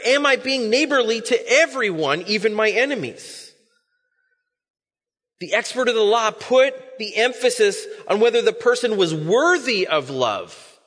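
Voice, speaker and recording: A man's voice: high-pitched, fairly bright tone, long reverb tail. A man preaching as a pastor, telling a story in a conversational way with casual asides. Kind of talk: sermon.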